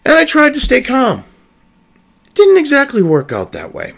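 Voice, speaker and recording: A man's voice: very high-pitched, wildly swooping pitch, moderate pace, gravelly, pauses often, a bit bright. A man delivering angry, profane commentary, hurling heated insults. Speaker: online news commentator.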